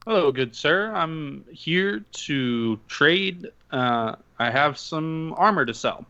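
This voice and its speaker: A man's voice: fairly high pitch, expressive, slow, sharp tone, muffled recording. A man taking part in a tabletop game as a player, chatting casually with easygoing, brief replies.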